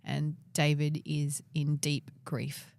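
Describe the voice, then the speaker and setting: A woman's voice: low voice, flat delivery, takes it slowly, gravelly, darkish tone, no room sound. A woman co-hosting a podcast, casually retelling a Bible story and asking her co-host questions.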